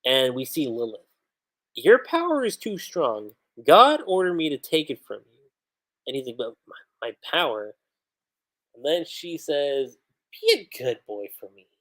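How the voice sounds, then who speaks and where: Animated casual man reviewing a manga. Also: mid-range voice, a little slow. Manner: rambling, reads panels aloud, slangy asides. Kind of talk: casual livestream commentary.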